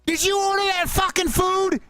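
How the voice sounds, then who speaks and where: A game master voicing a gruff, foul-mouthed man who swears constantly and snaps at people. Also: mid-range voice, sing-song, a little slow, a bit bright, dry recording, faint music behind. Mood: irritated. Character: gruff foul-mouthed adult male guard.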